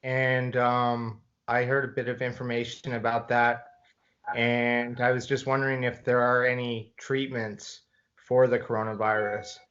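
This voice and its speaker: A man's voice: medium pitch, level tone, a little slow, a bit bright. A man with a mid-range voice asks an interview question hesitantly, stumbling over his words. The recording is dull and muffled. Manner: hesitant, stammering. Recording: muffled lo-fi audio.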